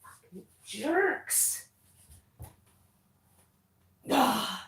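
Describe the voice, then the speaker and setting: A high-pitched woman talks slowly and bluntly to her viewers, calling out rude comments with open indignation. She sits back from the mic, so her voice carries a roomy echo. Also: big pitch swings, fairly bright tone, recorded from a distance. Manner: blunt, indignant, swears when annoyed. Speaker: vlogger. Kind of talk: casual chat to camera, reading comments.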